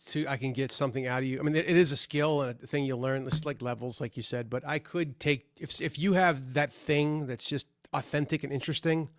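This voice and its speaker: A man's voice: mid-range voice, fairly even intonation, brisk, few pauses, no room sound, clean studio sound. A man hosting a casual interview, chatty and enthusiastic as he praises his guest. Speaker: podcast host.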